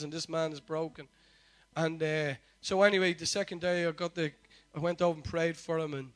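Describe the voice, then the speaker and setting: Fervent preacher man, bright high voice. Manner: fervent, storytelling, repeated declarations. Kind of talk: sermon with testimony.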